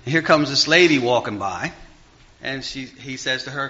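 A man preaching in a loose, conversational sermon, rambling with fillers and restarts, often rising high and then dropping to a near murmur. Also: expressive, moderate pace, pushed and bright. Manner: rambling, full of fillers and restarts, big swings in pitch and volume. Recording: dull lo-fi recording.

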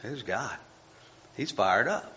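A man's voice: on the low side, expressive, slow, bright, forceful tone, slight background noise. A man giving a conversational sermon, chatty and self-deprecating, reading scripture aloud and stumbling over the text as he goes. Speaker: preacher. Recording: dull lo-fi recording.

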